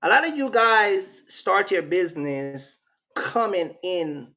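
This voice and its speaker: A man's voice: high-pitched, big pitch swings, slow, pushed and bright. A man from Jamaica with a Jamaican accent, hosting a casual livestream in a rambling, slangy way and reacting to his live chat. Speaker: channel host.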